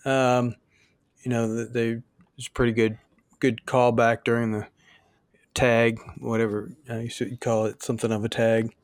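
A man co-hosting a casual music podcast, agreeing often and speaking haltingly with many fillers. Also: medium pitch, flat delivery, smooth, dry recording, studio quality. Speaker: podcast co-host.

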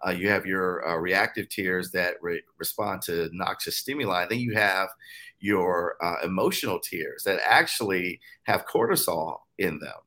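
A man's voice: deep voice, normal speed, pushed and bright. A man in his forties, a guest on a casual podcast, explaining things in a loose, friendly way with lots of "you know" fillers.

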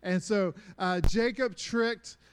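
A young man delivers a casual sermon in a clear, resonant, fairly high voice. He talks loosely, with filler words and easy humor, as if chatting with friends in the pews. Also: slow pace. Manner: relaxed, conversational, with frequent "uh" fillers and joking asides. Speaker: preacher.

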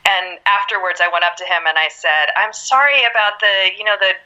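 An actress guest telling a story in a casual interview, laughing often and acting out what people said. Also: female voice, medium pitch, brisk, lo-fi sound. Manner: laughs often, animated, acts out quotes.

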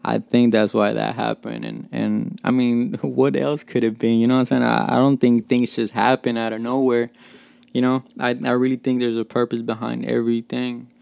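Gravelly, profane podcast host from Mexico. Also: male voice, medium pitch, flat delivery, normal speed, darkish tone, dry recording. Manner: loose, profane storytelling full of "like" and chuckles. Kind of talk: casual storytelling podcast.

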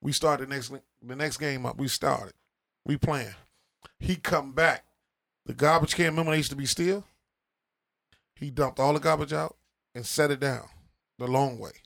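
A man's voice: mid-range voice, normal speed, gravelly, pauses often. A man, telling a long, profane street story to friends and acting out the dialogue. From Chicago. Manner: animated, profane, acts out dialogue with laughs. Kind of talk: casual group chat, storytelling.

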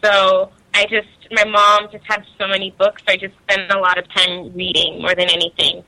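A woman's voice: mid-range voice, flat delivery, moderate pace, creaky, pushed and bright, rough recording. A young woman from Nigeria, chatting casually as an interview guest, laughing often and using many fillers.

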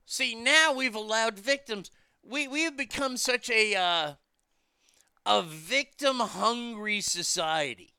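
Man, high voice, very bright, blunt profane rant, dry close sound. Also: expressive, slow, clean tone, no echo. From United States. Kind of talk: opinion rant monologue.

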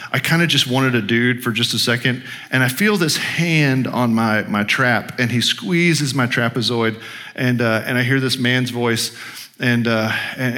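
A man's voice: medium pitch, sharp tone. A middle-aged man, a pastor, telling a personal story in a conversational, self-deprecating sermon with many restarts.

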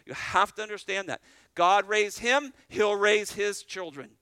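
A middle-aged man preaching a sermon as pastor, emphatic, with loud stressed phrases and repeated starting words. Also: high-pitched, measured pace, smooth, no room sound.

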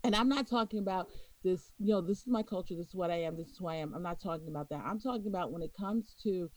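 A woman's voice: on the low side, quick pace, a little mellow, dry recording, poor audio. A woman from New York with a New York accent, co-hosting a podcast in a casual, opinionated way, emphatic and lecturing, often checking in with "okay?". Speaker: podcast co-host.

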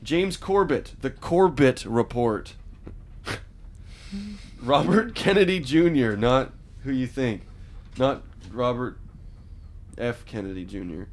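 A man's voice: medium pitch, expressive, takes it slowly, long pauses. A man hosting a comedy podcast, reading out a list with wry asides in casual chat. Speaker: podcast host.

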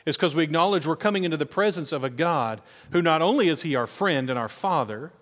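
A male pastor with a slightly raised pitch delivers a lively sermon. He slips into the voices of the people he quotes and builds scenes vividly. His words trail off in the long reverb of a large hall. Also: fast. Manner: animated storytelling, acts out quoted voices.

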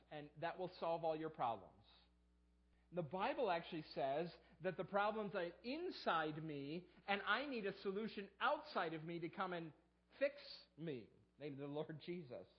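A man's voice: high-pitched, animated, moderate pace, dull audio. A man preaching a sermon as a pastor, his voice jumping up whenever he acts out the excuses people make. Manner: preaching with sharp rises into acted quotes of excuses.

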